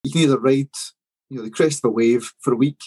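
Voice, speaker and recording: Co-host: man, mellow and slightly husky, calm and explanatory. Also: medium pitch, poor audio. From Scotland. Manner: measured, explanatory. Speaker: podcast co-host. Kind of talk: casual chat.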